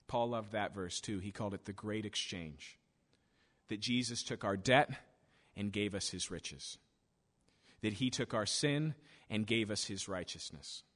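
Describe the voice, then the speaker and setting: A man's voice: lowish voice, a little slow, fairly bright tone. Man preaching in an echoing hall. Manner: storytelling, acts out quoted voices with rising intensity. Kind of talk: sermon. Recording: long hall reverb.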